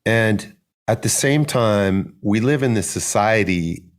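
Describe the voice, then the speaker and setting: A man hosts a podcast in a very deep voice. He asks long, searching questions in loose, casual talk, with some swearing along the way. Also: lively intonation, takes it slowly. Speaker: podcast host.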